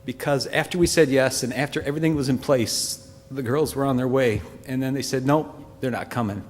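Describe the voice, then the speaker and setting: A man giving an earnest, heartfelt personal testimony to a congregation, speaking in a halting way. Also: medium pitch, a little mellow. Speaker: church member giving a testimony. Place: church hall. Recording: long church-hall reverb.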